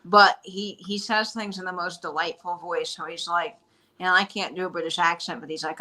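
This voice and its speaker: A woman hosting a casual live-stream chat, telling stories in an animated, chatty way. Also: on the low side, normal speed, poor audio. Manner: chatty storyteller, animated retelling. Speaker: shop host.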